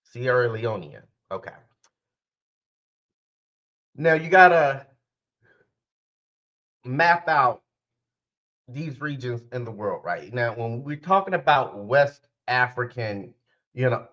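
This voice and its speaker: With an expressive, medium-pitched, slightly bright voice, a man talks slowly with long pauses on his own casual podcast. The spiritual life coach rambles to listeners and corrects himself often, and the recording's highs are cut off.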